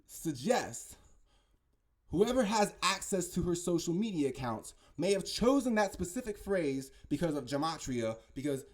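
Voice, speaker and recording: In a fairly high, very animated voice at a moderate pace, a conspiracy commentator delivers a casual, rambling monologue. He presses his points insistently, often stumbles, and keeps asking "right?" and "okay?".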